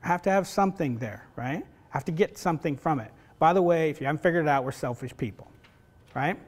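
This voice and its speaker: Here a middle-aged professor addresses a roomful of facilitators at a quick pace, his voice high for a man. Conversational throughout, he checks in with "right?" again and again and acts out little family scenes within a lecture built on personal stories.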